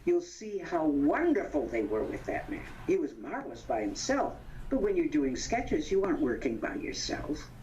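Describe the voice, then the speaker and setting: A veteran actress in her eighties reminisces as an interview guest, her low voice mellow and sing-song. She tells anecdotes animatedly, laughs often, and pauses to hunt for names. The audio is dull and lo-fi, with slight background noise.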